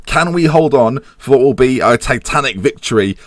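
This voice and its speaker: An English man with an English accent giving casual, excitable commentary over a football management game, humming tunes and bursting into loud reactions. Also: medium pitch, moderate pace, no echo. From England. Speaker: gaming YouTuber.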